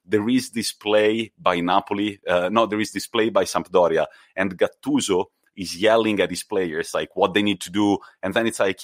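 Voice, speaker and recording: Low-voiced man chatting football. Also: moderate pace, few pauses, no echo. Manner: animated storyteller, acts out quotes. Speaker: podcast co-host. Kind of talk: casual football chat.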